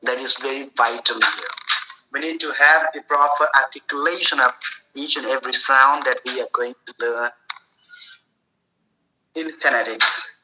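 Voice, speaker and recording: A man giving a spoken English lesson, explaining slowly and deliberately, often repeating and restarting his phrases. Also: medium pitch, fairly even intonation, background noise. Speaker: English teacher.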